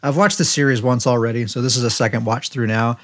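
A man in an easygoing podcast chat, retelling a story at an ordinary middle pitch. He strings scenes together loosely and drops in brief quoted lines as he goes. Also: fairly even intonation, fast talker, a bit bright. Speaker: podcast co-host. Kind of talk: casual recap chat.

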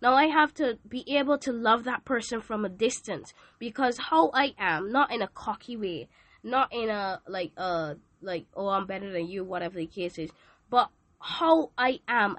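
A woman's voice: medium pitch, measured pace, fairly bright tone, no room sound. Emphatic woman giving a devotional talk. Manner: emphatic, preachy, with joking asides. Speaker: podcast host.

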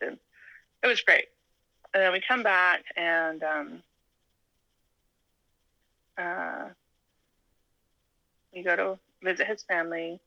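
A woman's voice: on the low side, no echo, rough recording. A woman from Alaska, a podcast guest, telling her personal story casually and acting out what people said, with frequent laughter. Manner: animated, laughs often, acts out quoted dialogue. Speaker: interview guest.

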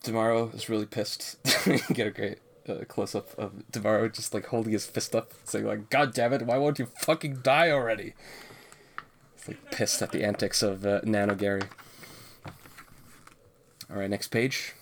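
A man's voice: lowish voice, flat delivery, moderate pace, vocal fry, a little hiss or hum. A man co-hosting a casual podcast, recapping a comic in a laid-back, rambling way full of fillers and laughs. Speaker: podcast co-host reading a comic. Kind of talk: casual chat.

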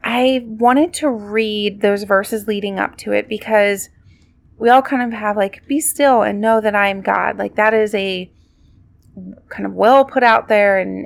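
A woman's voice: mid-range voice, steady tone, unhurried, vocal fry, no room sound. A woman hosting a podcast, giving a casual devotional talk in a reflective, conversational way with many fillers. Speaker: podcast host.

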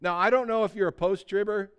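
A man in his sixties preaching a sermon, animated and conversational, swinging between loud emphasis and hushed, quiet lines, and asking his congregation rhetorical questions. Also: high-pitched, quick pace, smooth. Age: 60s. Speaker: pastor.

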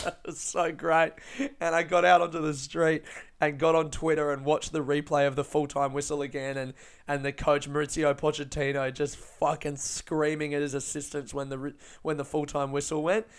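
A man hosting a podcast, telling stories in an animated, sweary way and laughing often. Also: a little high, moderate pace, smooth. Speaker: podcast host and stand-up comedian. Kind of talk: casual podcast monologue.

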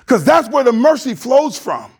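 High-voiced man preaching emphatically. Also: sing-song, moderate pace, vocal fry, slightly rough. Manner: emphatic, repetitive, with rising shouted climaxes. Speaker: pastor. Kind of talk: sermon.

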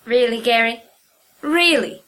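A man voicing a gushing, dramatic woman in a high falsetto for a comedy audio drama. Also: measured pace, bright, forceful tone, full character voice.

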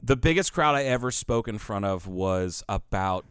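A man hosting a casual conversation, relaxed and easy to laugh. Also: fairly low pitch, moderate pace, smooth, no room sound, clean studio sound. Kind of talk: casual chat.

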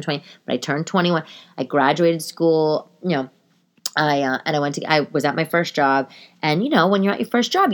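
A woman's voice: low-pitched, fairly bright tone. A woman in her thirties hosting a podcast, talking in a casual, rambling way with many restarts and asides. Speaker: podcast host. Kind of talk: casual monologue. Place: living room.

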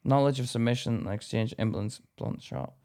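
A young British man co-hosting a podcast in casual chat, joking, laughing often and reading aloud haltingly. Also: mid-range voice, mellow. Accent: British English. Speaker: podcast co-host.

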